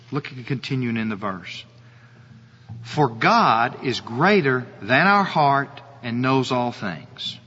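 A male pastor preaching a sermon, slow and earnest, often asking his listeners rhetorical questions. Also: sits high, pushed and bright, slightly rough. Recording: dull audio with long hall reverb.

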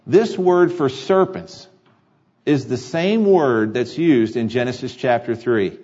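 A man's voice: medium pitch, slow pace, dark tone, dull audio. A man preaching a sermon to his congregation, earnest and repeating key phrases for emphasis. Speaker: pastor. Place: church sanctuary.

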